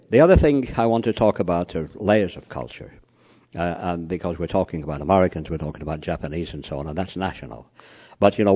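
A man's voice: low voice, mellow. A man lecturing a live audience on cross-cultural communication, telling anecdotes, peppering his talk with "you know" and quizzing the room. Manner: frequent "you know" fillers.

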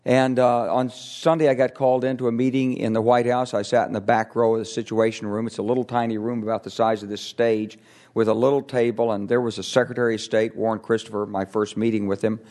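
An older man, a retired military officer, giving a lively anecdotal talk on stage, acting out the voices of people he quotes. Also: medium pitch, brisk. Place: stage before an audience.

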